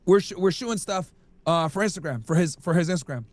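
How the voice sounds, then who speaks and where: A man's voice: high-pitched, animated, quick pace, no room sound. A man chatting casually as a streamer, telling rambling stories full of crude slang. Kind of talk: casual podcast chat.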